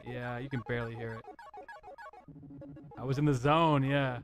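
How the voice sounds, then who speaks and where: A middle-aged man streaming live, chatting casually about synths; he rambles, gets excited and keeps apologizing. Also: medium pitch, normal speed. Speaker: synth livestreamer. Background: faint synth music.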